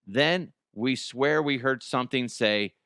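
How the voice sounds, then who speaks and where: A man hosts a comedy podcast, reading listener ghost stories at an unhurried pace. He riffs excitedly between them, laughing often and swearing freely. The sound is dry and close, with no room around it. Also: mid-range voice, clear, resonant tone, no room sound. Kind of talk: comic commentary on listener stories.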